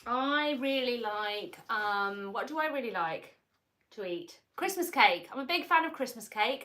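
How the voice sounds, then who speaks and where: A woman's voice: a little high, lively intonation, a little slow, bright, forceful tone. A woman hosting a livestream in casual chat, playful and joking, often laughing. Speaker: livestream host.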